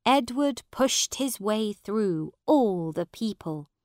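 A woman narrating a simple storybook in a clear, measured way. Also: mid-range voice, expressive, darkish tone, dry recording, clean studio sound. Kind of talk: slow storybook reading for learners.

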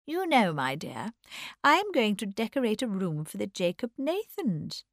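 A woman's voice: medium pitch, sing-song, moderate pace, no echo, studio quality. A woman reading an audiobook, voicing a chattering, theatrical society woman with an affected drawl. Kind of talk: audiobook character voice.

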